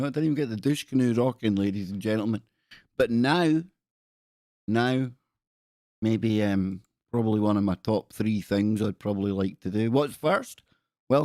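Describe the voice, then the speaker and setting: A man's voice: lowish voice, darkish tone, no room sound, clean studio sound. A man hosting a live stream, rambling and joking as he reads captions aloud in casual commentary. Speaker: live-stream show host.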